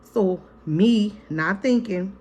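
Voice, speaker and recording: A mother who runs a family vlog hosts a casual storytime, talking to viewers like friends and calling them "y'all" and "girl." Vivid, blunt and freely profane, she re-enacts scenes as she retells them. Her mid-pitched voice is slow and warm.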